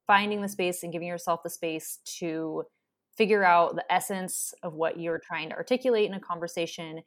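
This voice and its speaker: A woman's voice: fairly low pitch, normal speed. A woman hosting a podcast in casual chat, reflectively summing up what was discussed. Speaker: podcast host.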